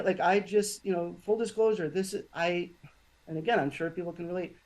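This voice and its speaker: A man in a casual podcast conversation, telling a personal story in a halting way, with many restarts and fillers. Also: high voice, steady tone, a little mellow, rough recording. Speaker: podcast guest.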